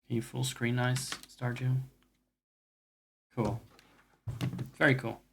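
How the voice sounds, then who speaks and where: A man at a middle pitch chats loosely while he plays games on stream. He drifts from topic to topic, swears freely, and pokes fun at himself as he goes. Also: little pitch movement, slow, creaky, background noise. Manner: rambling and profane, with self-mocking asides. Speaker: game streamer. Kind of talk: casual chat while gaming.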